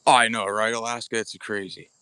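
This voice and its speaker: A man's voice: fairly low pitch, flat delivery, a little fast, pushed and bright, clear, resonant tone, no room sound. Chatty bowhunter man, dry sound. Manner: chatty, greets viewers by name, blunt and informal. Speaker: bowhunting livestream host. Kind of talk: casual live-stream chat. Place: outdoors at an archery practice spot. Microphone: camera or phone mic without external microphone.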